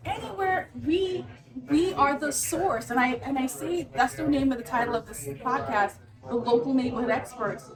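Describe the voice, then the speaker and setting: A woman's voice: high voice, normal speed, distant mic. A woman with a New Jersey accent, a realtor co-hosting a casual podcast in a cafe, telling stories with enthusiasm. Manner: enthusiastic, animated storytelling. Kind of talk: casual chat. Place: busy cafe. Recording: echoey cafe with music and chatter.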